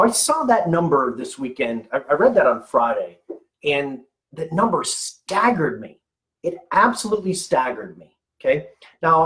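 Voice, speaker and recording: A man's voice: medium pitch, low-quality recording. A man in his forties giving a casual motivational talk for medical practice owners, conversational, restarting words and often checking in with "okay?".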